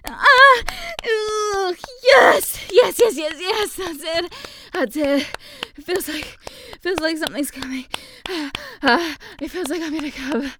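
A woman's voice: high voice, steady tone, takes it slowly, a little mellow, a little hiss or hum. A woman voicing a devoted, possessive non-human young woman lover in an adult audio role-play, breathless and pleading. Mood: passionate, pleading.

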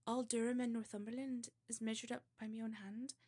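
A woman's voice: fairly high pitch, flat delivery, fairly quick, dark tone, husky. A woman doing a proud young Geordie surveyor. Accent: Geordie, attempted. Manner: sing-song reciting of verse.

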